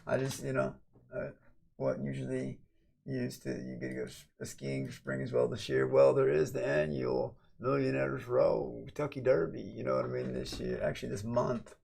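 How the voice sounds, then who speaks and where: A man livestreaming a late-night casual chat. He rambles and swears, and swings from low mumbles to loud, excited shouts. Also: normal speed, creaky, husky.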